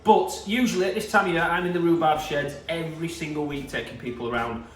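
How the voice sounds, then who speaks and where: With a slightly high voice and a quick pace, a Yorkshire produce seller enthusiastically presents fresh goods in an informal demo. It's recorded on a distant mic in an echoey room with faint music.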